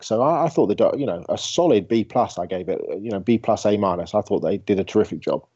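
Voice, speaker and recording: Quick-talking Englishman, low and mellow. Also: slightly rough, muffled recording. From England. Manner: quick, relaxed, conversational. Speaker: podcast guest. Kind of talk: casual sports podcast chat.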